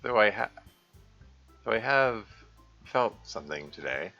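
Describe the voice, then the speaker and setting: A man's voice: fairly low pitch, expressive, measured pace, creaky, sharp tone, highs cut off, soft background music, exaggerated voice. A man doing a flustered British schoolboy. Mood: awkward. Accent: put-on British. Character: shy British schoolboy protagonist, awkward and flustered. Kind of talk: voice-acting a visual novel.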